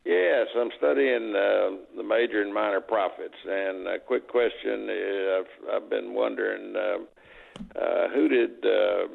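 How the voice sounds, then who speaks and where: Gravelly raspy man on a phone line. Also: lowish voice. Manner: earnest, halting questioner. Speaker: caller.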